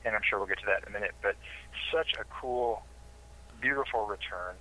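A man's voice: on the low side, fairly quick, pushed and bright, low-quality recording. A man appearing as a horror film expert on a podcast, talking enthusiastically. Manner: enthusiastic, gushing. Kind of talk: casual film podcast chat.

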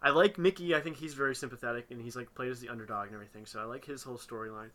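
A man co-hosting a podcast, chatting casually about a movie, filling his talk with "like" and getting animated as he criticizes it. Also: medium pitch, very fast. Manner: chatty, uses "like" a lot, animated when critiquing. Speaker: podcast co-host. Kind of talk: casual film discussion.

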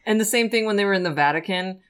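A woman's voice: mid-range voice, fast, clear, resonant tone. Chatty woman leading movie talk. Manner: chatty, enthusiastic, leads the segments. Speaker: podcast co-host. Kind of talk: casual movie review chat.

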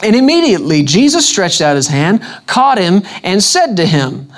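A high-sitting male voice, very animated and at a normal speed, leads an evening sermon before a congregation. The tone is casual and conversational, full of questions to the listeners and scripture quotes acted out with shifting emphasis.

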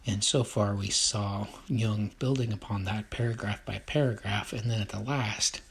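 A man with a low, gravelly voice and a very breathy, husky tone reads a text aloud at a measured pace. Between passages he comments on it, hesitant and full of fillers. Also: steady tone. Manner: measured reading, then hesitant remarks with many fillers.

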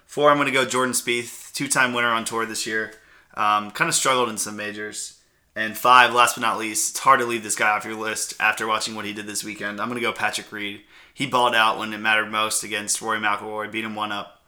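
A man's voice: on the low side, level tone, fairly quick, bright, forceful tone. A young man co-hosting a podcast, running through sports picks in casual chat with wisecracks. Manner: wisecracking, chatty. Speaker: podcast co-host.

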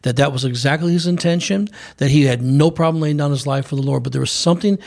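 A man's voice: on the high side, fast talker, vocal fry, a little mellow. A man preaching on a broadcast program, speaking fervently with frequent restarts. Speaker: preacher and co-host.

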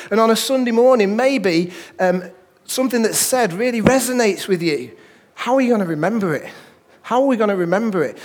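A man preaches a sermon in a high voice. He slows right down when he reads scripture and keeps slipping in jokey asides to the congregation. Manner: reads scripture slowly and deliberately. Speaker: pastor.

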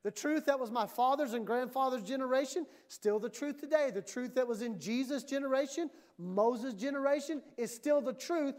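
A woman's voice: high voice, moderate pace, hardly any pauses, a little mellow. A woman pastor preaching a sermon in a church, emphatic and conversational, often acting out the voices she quotes.

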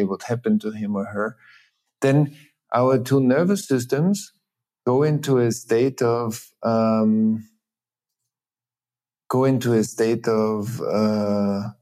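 A middle-aged man, a teacher and facilitator, explaining ideas earnestly in an interview with many pauses and restarts. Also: lowish voice, mellow. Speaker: teacher and trauma-healing facilitator, guest. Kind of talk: reflective interview talk.

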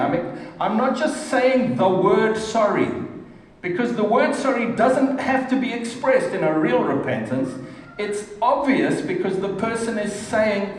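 Earnest man preaching in an echoey hall. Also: high-pitched. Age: middle-aged. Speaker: pastor. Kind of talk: sermon. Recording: echoey hall from far off, faint noise.

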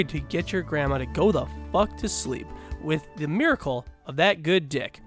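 A man selling hard in a spoof infomercial, over-the-top and salesy. His voice rides high and leaps all over, with a faint bed of music under it. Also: big pitch swings, moderate pace, hardly any pauses. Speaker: podcast host.

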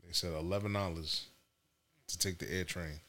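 A man's voice: sits low, moderate pace, a little hiss or hum. A man on a casual podcast, telling a story and acting out the voices in it. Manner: animated storyteller acting out quotes in raised voices. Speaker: podcast co-host.

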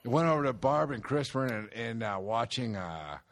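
A man's voice: medium pitch, expressive, moderate pace, a bit bright. A man in casual chat, laid-back and chuckling as he talks.

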